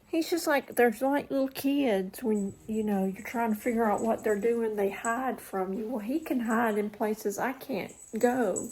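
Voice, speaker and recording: At home in front of a mirror, a woman vlogger chats casually to the camera, rambling, trailing off, and slipping into whispered asides. Her voice is a little high with a darkish tone, and the recording is rough.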